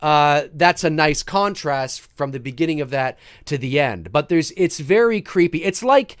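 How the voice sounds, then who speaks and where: Lively, animated man hosting a podcast. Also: on the high side, moderate pace, no echo, studio quality. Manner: rambling, many restarts and fillers. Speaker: podcast host. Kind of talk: casual podcast chat.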